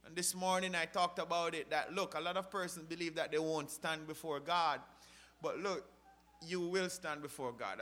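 A man preaching a sermon, asking rhetorical questions and swinging from loud, impassioned rises to quiet drops. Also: a little high. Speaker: pastor.

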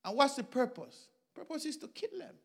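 A man preaching a sermon, telling a Bible story with animated swings between loud bursts and quiet asides. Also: very high voice, normal speed, vocal fry.

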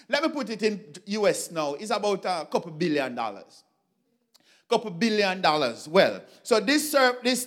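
A man preaching a sermon, telling a Bible story with animated swings between loud bursts and quiet asides. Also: very high voice.

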